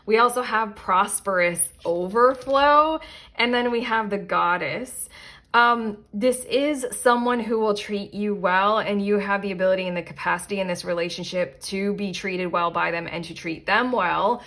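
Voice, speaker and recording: A woman's voice: medium pitch, moderate pace, a bit bright. Rambling woman giving a tarot reading. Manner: rambling, self-interrupting, frequent fillers and asides. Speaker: tarot reader. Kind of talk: casual pick-a-card tarot reading.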